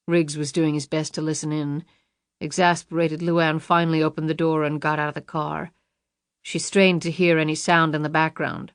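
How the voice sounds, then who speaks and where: A woman reading a suspense novel audiobook in a measured, dramatic narration. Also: sits low, level tone, dry recording, studio quality. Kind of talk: scripted thriller narration.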